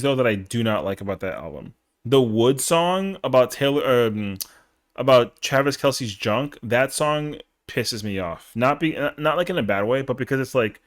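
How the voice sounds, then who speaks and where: A young man chatting casually on a live stream, rambling in slang with lots of fillers. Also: mid-range voice.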